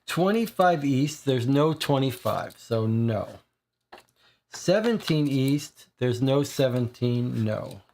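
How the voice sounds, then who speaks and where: Slow, gravelly board game reader. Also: mid-range voice, animated, a little mellow, a little hiss or hum. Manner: slow, deliberate, thinking aloud. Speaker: board game player reading the case aloud. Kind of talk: reading a game's case text aloud.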